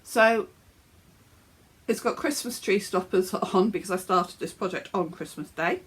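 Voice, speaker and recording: A woman's voice: mid-range voice, unhurried, husky. An English woman hosting a knitting podcast, sounding a bit snuffly and chatting casually from her home office with fillers and small laughs. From England. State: snuffly, coughing. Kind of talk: casual show-and-tell chat.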